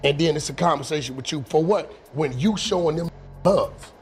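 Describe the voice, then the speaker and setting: A man's voice: on the high side, brisk, a little hiss or hum. A man talking directly to a friend, lecturing him in casual advice talk.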